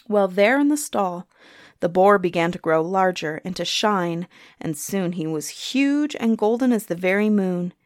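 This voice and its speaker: A woman's voice: fairly low pitch, expressive, a little slow, no room sound, clean studio sound. Woman telling a folktale expressively. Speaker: storyteller. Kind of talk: folktale storytelling.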